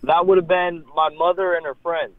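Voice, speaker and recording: A man's voice: fairly high pitch, flat delivery, moderate pace, no room sound. Eighteen-year-old man on a tinny phone line. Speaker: phone-in guest. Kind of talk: casual chat.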